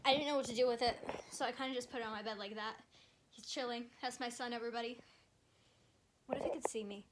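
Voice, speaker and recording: A woman's voice: on the high side, steady tone, fast talker, noisy background. A teenage girl vlogging casually, chatty and flustered, with lots of fillers and sudden panicked outbursts. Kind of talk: casual vlog with a baby simulator.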